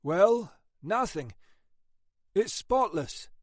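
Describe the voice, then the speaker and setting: A man's voice: high-pitched, big pitch swings, drawn-out words, dry recording, studio quality, voice pushed up, full character voice. A man reading an audiobook, voicing a skeptical, plain-spoken male police colleague with an offhand manner.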